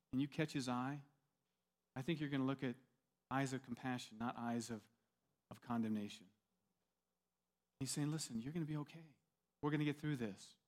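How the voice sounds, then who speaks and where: A man's voice: on the high side, fairly bright tone. A man preaching a sermon as pastor, talking conversationally with rhetorical questions and frequent restarts.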